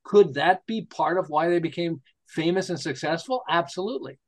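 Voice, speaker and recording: A man's voice: fairly high pitch, normal speed. A man in his sixties from the United States, an interview guest telling stories with laughs and rhetorical questions. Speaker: interview guest, marketing specialist. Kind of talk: enthusiastic casual interview talk.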